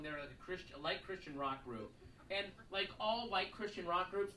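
A man's voice: high-pitched, sharp tone, a little hiss or hum. A man doing a stand-up comedy routine, profane and mocking, acting out song lyrics and characters on stage. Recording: live room echo, distant mic, audience laughing. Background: audience laughter.

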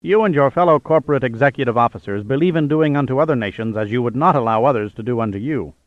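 A man's voice: medium pitch, fast talker, no echo, muffled recording, close to an everyday voice. A man voicing a blunt, frank American intelligence chief. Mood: stern. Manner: curt, frank.

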